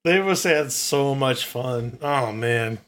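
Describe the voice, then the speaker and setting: A man's voice: mid-range voice, slow pace, a bit bright. A man co-hosting a wrestling podcast, telling laid-back stories and mimicking voices. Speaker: podcast co-host. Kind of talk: casual chat.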